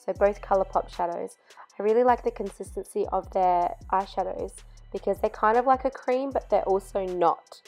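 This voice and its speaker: A young woman narrates a makeup tutorial voice-over step by step, chatty and using fillers as she explains, while losing her voice. Her mid-range voice has a darkish tone and moderate pace over soft background music.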